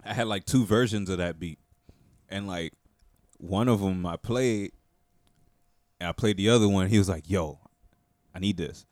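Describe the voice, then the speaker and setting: A man from Miami, a music producer guest, talking in a low-key, modest, rambling way. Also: moderate pace, long pauses, darkish tone, no room sound, studio quality. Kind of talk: casual podcast chat.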